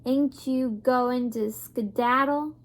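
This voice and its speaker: A woman voicing a slow-witted, half-deaf young servant girl who talks loudly in simple rustic speech. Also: high-pitched, steady tone.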